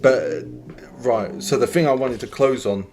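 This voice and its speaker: A man's voice: mid-range voice, animated, measured pace, a little mellow, slight background noise. A man hosting a podcast, giving rambling opinions in casual chat, full of fillers. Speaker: podcast host.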